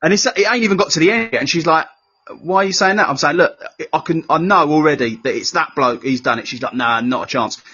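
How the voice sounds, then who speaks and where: A man's voice: on the high side, fast talker, few pauses, pushed and bright, husky. A man chatting as a guest, telling laddish, sweary stories. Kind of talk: casual chat. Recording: muffled lo-fi audio.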